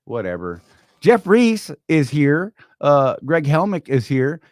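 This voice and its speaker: Speaking slowly with huge swings in pitch, a slightly high-voiced podcast host in his fifties chats casually on a live-stream. He jokes and rambles while mocking himself, and the studio sound is clean with no echo.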